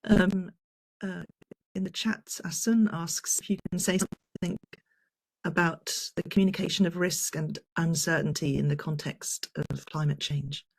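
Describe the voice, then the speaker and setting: A workshop moderator on a video call, relaxed, reading questions from the chat. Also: medium pitch, normal speed, vocal fry, no echo, low-quality recording. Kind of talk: moderating online Q&A.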